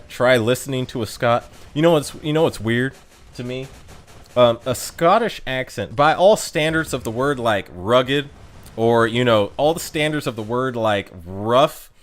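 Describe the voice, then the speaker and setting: An American man in casual live-stream chat, rambling from one thought to the next with plenty of "um"s and restarts. His pitch jumps around a lot in an animated way, and his voice sits at an ordinary middle height. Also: measured pace. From United States. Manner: rambling and chatty, lots of fillers and restarts.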